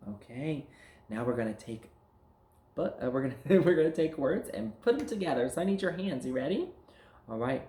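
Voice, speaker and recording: A male teacher leading a phonics lesson for young children, sounding out words and single letter sounds slowly, with big jumps in pitch. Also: expressive, creaky, warm tone. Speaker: early-grade teacher. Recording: roomy echo.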